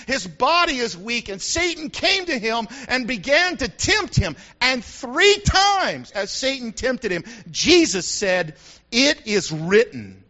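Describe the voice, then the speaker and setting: A man preaching a sermon to his congregation, animated and preacherly, acting out the voices he quotes. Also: extremely high pitch, muffled recording. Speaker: pastor. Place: church sanctuary with congregation.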